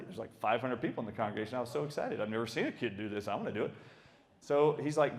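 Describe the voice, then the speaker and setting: A middle-aged man, a doctor giving a talk, who tells personal stories in an emphatic, animated way and often laughs. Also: mid-range voice, rapid-fire. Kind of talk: storytelling talk.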